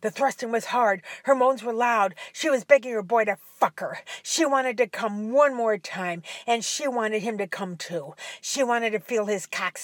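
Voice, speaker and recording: A woman narrating an adult audio story in a soft voice that drops to a whisper at times. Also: on the high side, unhurried, hardly any pauses, no echo.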